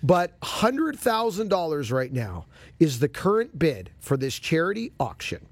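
Brief: male golf radio host, lively storyteller, slightly high voice, dry close sound. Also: a little slow, dry recording. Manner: animated, expressive storyteller. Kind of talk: casual storytelling chat.

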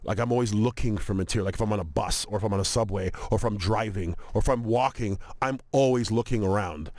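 A man's voice: fairly low pitch, fast talker. A man guesting on a podcast as a comedian, telling stories animatedly with plenty of laughter. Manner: animated storyteller, lots of laughter. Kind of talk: casual chat.

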